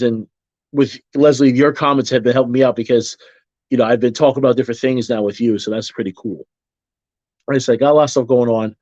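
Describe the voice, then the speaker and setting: A male vlogger chats loosely with his viewers, rambling with restarts and repeated phrases, and livens up when joking, imitating people in quotes. His mid-pitched voice is recorded close and dry with no echo, sounding slightly dull and muffled.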